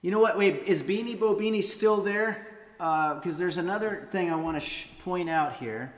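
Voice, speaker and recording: A man's voice: high voice, normal speed. Joking man with a roomy echo. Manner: joking, reads viewer comments aloud. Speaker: streamer host. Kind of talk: casual livestream chat between songs. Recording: roomy echo with long reverb and loud guitar. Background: guitar music.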